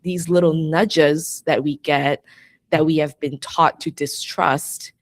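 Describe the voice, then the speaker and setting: A young adult woman guesting on a podcast, talking in an open, rambling, reflective way and laughing easily. Her voice sits a little low, and the recording is dry and close with no room sound. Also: steady tone, slow pace, dry recording. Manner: chatty and reflective, peppered with "like", laughs often. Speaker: podcast guest, astrologer and coach. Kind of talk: casual interview chat.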